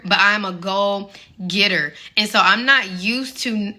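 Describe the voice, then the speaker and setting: A woman's voice: mid-range voice, moderate pace, bright, forceful tone. A woman in her late twenties, a little out of breath, talking candidly and earnestly to her viewers about faith and patience. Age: 20s. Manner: candid, earnest, encouraging, many "like" fillers. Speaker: faith vlogger. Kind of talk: casual faith talk to viewers.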